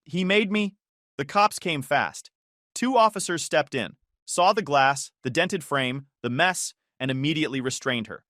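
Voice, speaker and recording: A man reading a first-person story with dramatic delivery. His pitch moves up and down a lot, and the sound is dry and close. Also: animated, normal speed, sharp tone, no echo. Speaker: narrator.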